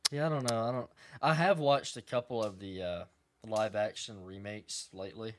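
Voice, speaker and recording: A man's voice: lowish voice, moderate pace. A man co-hosting a podcast in casual chat, meandering along with many fillers and restarts. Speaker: podcast co-host.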